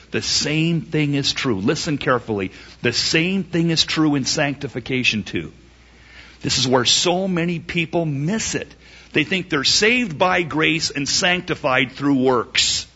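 A man preaching a sermon emphatically, asking rhetorical questions and swinging his pitch up and down. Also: fairly bright tone, breathy edge. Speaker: pastor. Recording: dull lo-fi recording.

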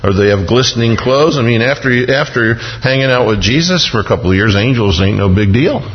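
A man's voice: medium pitch, expressive, a little fast. A man preaching a sermon, dramatically acting out biblical scenes with touches of humor. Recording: dull lo-fi recording with long reverb.

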